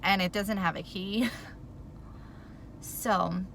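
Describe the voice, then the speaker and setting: A woman's voice: mid-range voice, slow pace, slight background noise. A woman telling a rambling storytime vlog, flustered and worked up, saying "like" constantly. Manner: animated, rambling, says "like" a lot. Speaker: vlogger. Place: in her car.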